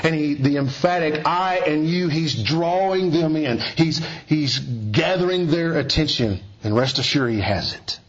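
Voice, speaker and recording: A man preaching an expository sermon in a measured, earnest teaching manner, often dropping soft for emphasis. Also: a little high, lively intonation, highs cut off.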